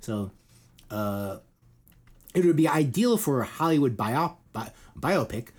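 A middle-aged male podcast host chatting loosely about the week's news. He rambles and swears casually, and his slightly husky voice jumps widely up and down in pitch. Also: animated, unhurried, darkish tone. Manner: rambling, irreverent, swearing, many fillers.

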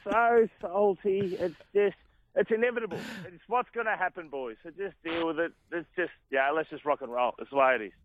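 Male caller, fairly high voice, boastful, excitable, trips over restarts. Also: a little fast, no room sound, narrow, tinny audio. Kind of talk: fan calling in to sports radio.

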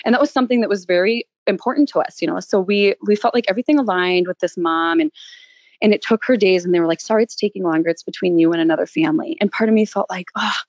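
A woman's voice: medium pitch, fast talker, darkish tone, no echo, dull audio. A woman in her thirties, a guest on an interview, telling a personal story with emotion, near tears at times and laughing. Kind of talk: candid interview.

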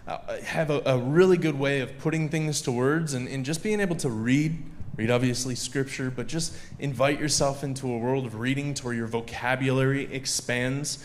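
Man preaching casually to a crowd. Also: fairly high pitch. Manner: conversational, joking asides with the audience. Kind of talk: sermon. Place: live venue with audience.

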